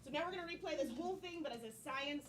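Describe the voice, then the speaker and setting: Woman, improv host, brisk, upbeat, very high voice, live stage, loud audience. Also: over a noisy crowd. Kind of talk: live improv comedy hosting.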